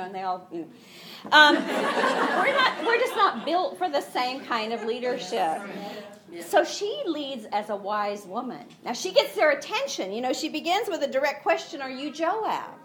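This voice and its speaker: A woman preaching a sermon, retelling the story in an animated way and acting out the voices. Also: high voice, a little hiss or hum. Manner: animated storytelling, acts out voices, laughs often.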